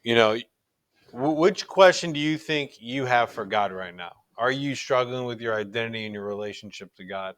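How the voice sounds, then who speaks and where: A man's voice: lowish voice, moderate pace, a bit bright, dry recording. A middle-aged man teaching a recorded religion class in an earnest, conversational way, often restarting his sentences.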